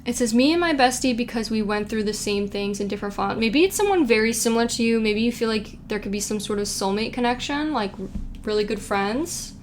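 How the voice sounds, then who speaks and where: A woman's voice: on the high side, animated, brisk, a little hiss or hum. A young woman giving a casual pick-a-card tarot reading, chatty and giggly, reading quotes aloud with playful asides. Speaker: tarot reader.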